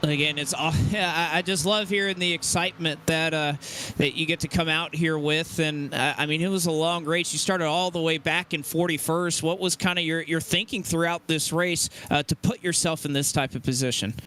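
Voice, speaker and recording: A man's voice: fairly high pitch, fairly even intonation, normal speed, bright, forceful tone, a little hiss or hum. A man hosting a sim racing broadcast, reading out finishing positions and interviewing the winner in an upbeat way. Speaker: race broadcaster.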